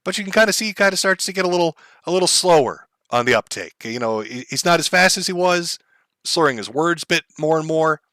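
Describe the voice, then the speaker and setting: A man hosting a stream, calmly explaining background with plenty of ums and uhs. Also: on the high side, dry recording. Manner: calm, measured, many fillers. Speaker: commentary streamer.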